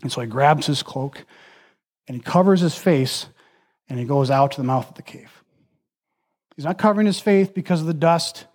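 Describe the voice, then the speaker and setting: A male preacher with a high-pitched voice delivers an impassioned sermon. He stacks repeated phrases into building lists, then sinks to a hushed, almost whispered voice to land a point. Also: normal speed, pauses often. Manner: dramatic drops to a soft, near-whispered voice for emphasis.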